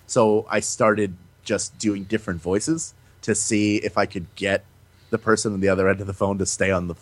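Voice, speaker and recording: A man being interviewed, chatting casually and telling animated stories about doing voices. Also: on the low side, moderate pace, no room sound. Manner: animated storyteller, breaks into playful voices. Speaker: voice actor guest.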